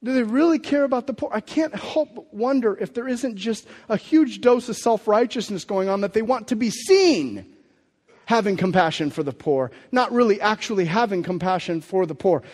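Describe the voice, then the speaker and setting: Male pastor, conversational sermon, higher-pitched, reverberant hall sound. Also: lively intonation, moderate pace, a little mellow. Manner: conversational preaching with rhetorical questions and restarts.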